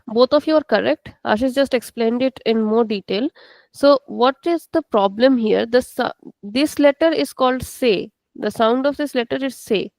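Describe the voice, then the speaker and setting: A woman's voice: on the high side, a little mellow, dry recording. A woman teaching a live online class, patiently explaining and repeating words for her students. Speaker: Portuguese teacher.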